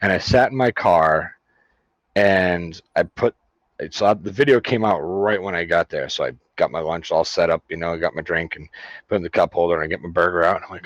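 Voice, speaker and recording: A man telling a story in casual chat, swearing often and breaking into loud laughs. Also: sits low, fairly quick, no room sound, muffled recording. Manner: profane storytelling, laughs loudly.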